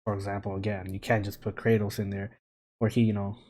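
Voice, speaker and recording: A man's voice: fairly low pitch, little pitch movement, fairly quick, darkish tone. A young man co-hosting a gaming podcast in casual chat, laid-back, swearing and laughing often. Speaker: podcast co-host.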